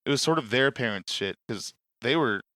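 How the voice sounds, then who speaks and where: A man on a talk show tells rambling stories and swears freely. He sounds close and dry, with no room echo at all. His pitch sits right in the middle. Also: animated, moderate pace, bright, forceful tone. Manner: swearing storyteller acting out quotes. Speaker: podcast host. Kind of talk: casual chat.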